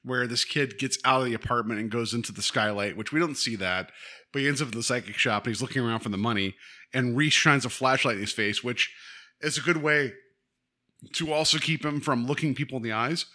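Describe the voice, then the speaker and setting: Bright-voiced man chatting about TV. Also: mid-range voice, fairly quick. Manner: animated, laughs often, acts out quoted lines. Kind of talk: casual TV episode discussion.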